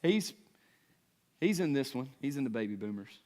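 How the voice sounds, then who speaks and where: A man's voice: mid-range voice, big pitch swings, normal speed, darkish tone. A man in his thirties, a pastor, preaching in a conversational way, asking the congregation questions and checking in with them. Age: 30s. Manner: conversational preaching with rhetorical questions and frequent "right?". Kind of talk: sermon.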